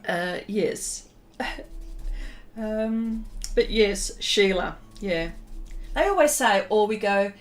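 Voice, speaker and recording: A middle-aged woman with an Australian accent, chatting casually to her live viewers while she draws, rambling and laughing often. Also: mid-range voice. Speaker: pastel artist streaming live. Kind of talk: casual livestream chat while drawing.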